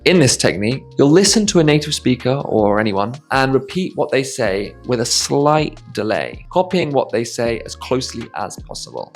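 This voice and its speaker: A man giving a pronunciation lesson, slowly repeating and demonstrating sounds. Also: medium pitch. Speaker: English teacher.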